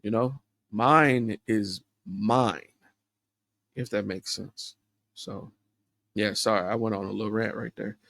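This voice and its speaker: Low gravelly man musing candidly. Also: steady tone, slow pace, long pauses, fairly bright tone. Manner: candid, introspective, rambling with fillers. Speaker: podcast host. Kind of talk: solo podcast monologue.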